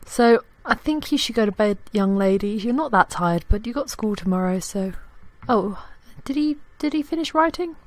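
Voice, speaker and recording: Her medium-pitched voice is lively in intonation, moving at a moderate pace with hardly any pauses. This young gaming YouTuber giggles and talks to her characters while casually commenting on a life-simulation game in a Let's Play. The dry recording comes from a desktop USB mic, with faint game music underneath.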